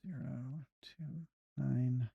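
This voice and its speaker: A man's voice: medium pitch, fairly even intonation, very slow, creaky, breathy edge, no echo, phone-quality sound. A man streaming a video game, muttering plans and humming to himself as he plays. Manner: muttering, humming to himself while planning moves. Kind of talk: casual gameplay commentary.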